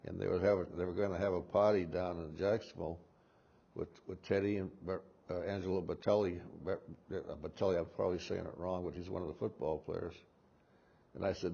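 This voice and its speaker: A man in his eighties with a Massachusetts accent, recalling his memories in an interview and rambling with halting restarts. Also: sits low, steady tone, vocal fry, dark tone, breathy edge, muffled recording. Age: 80s. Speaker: war veteran interviewee.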